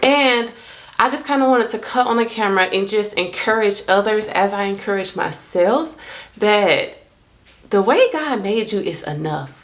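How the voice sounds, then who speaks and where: A young woman talking casually to her camera about faith and self-love, lively and expressive, jumping up in pitch when she quotes herself. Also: normal speed.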